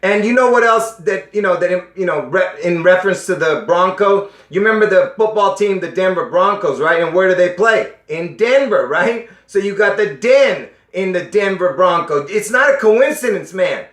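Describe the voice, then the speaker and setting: Man, high-pitched, insistent, keeps asking "you understand", strained coughing voice, echoey room. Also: expressive, moderate pace, few pauses, fairly bright tone. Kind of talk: casual monologue addressing viewers.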